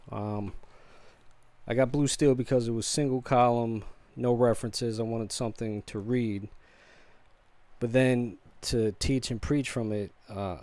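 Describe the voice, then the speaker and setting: Casual home-tour vlogger, male, lowish voice, laid-back and halting. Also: no echo. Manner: relaxed, unhurried, with frequent ums and trailing pauses. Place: home office lined with bookshelves.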